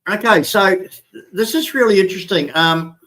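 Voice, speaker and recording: A man's voice: high-pitched, normal speed, pushed and bright, low-quality recording. An Australian man hosting a livestream, talking indignantly and repeating himself when worked up. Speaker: livestream host. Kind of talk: heated livestream chat.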